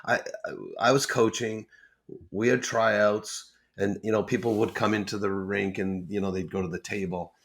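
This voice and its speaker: A man co-hosting a casual podcast, starting his sentences haltingly and then turning to playful self-mockery. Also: lowish voice, little pitch movement.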